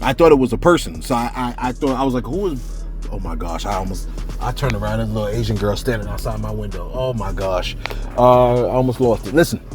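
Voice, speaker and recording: A man's voice: on the low side, a little fast, over music. A man hosting a celebrity news channel in casual, rambling commentary, often asking "you see what I'm saying".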